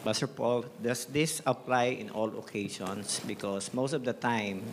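Man in the audience, minister, gravelly low voice, heard from off-mic with clear room noise. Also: steady tone, measured pace. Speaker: minister asking a question. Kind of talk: question from the audience.

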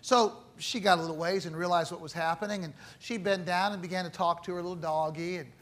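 A man preaching a sermon with dramatic swings between loud emphasis and hushed low phrases. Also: fairly even intonation, fast.

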